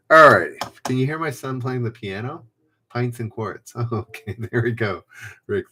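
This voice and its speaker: In a home room, a man runs a casual trivia livestream, reading clues and viewers' names from chat, rambling and self-correcting as he goes. His voice is medium-pitched with a fairly bright tone.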